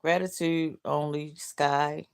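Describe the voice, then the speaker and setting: A woman's voice: deep voice, fairly even intonation, takes it slowly, gravelly, clean tone. A middle-aged woman hosting a livestream, downcast and heartbroken, reading out comments bluntly with swearing and laughs. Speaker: livestream host.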